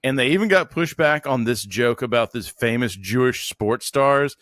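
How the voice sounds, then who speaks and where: A man's voice: medium pitch, animated, moderate pace, fairly bright tone, no echo, studio quality. A man co-hosting a podcast, talking in a loose, slangy, rambling way. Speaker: podcast co-host. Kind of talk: casual chat.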